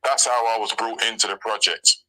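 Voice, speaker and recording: A man's voice: lowish voice, steady tone, fairly quick, bright, forceful tone, rough recording. A man with a London accent, chatting casually in a live audio chat, rambling with lots of "um" and "you know what I mean". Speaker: crypto community member.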